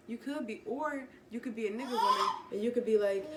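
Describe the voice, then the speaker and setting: A woman's voice: on the high side, fairly quick, few pauses, echoey room, noisy background. Rambling woman teaching scripture casually. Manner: relaxed, rambling, many fillers and self-corrections. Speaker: vlogger giving Bible teaching. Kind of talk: casual spoken Bible teaching. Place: home room with pets.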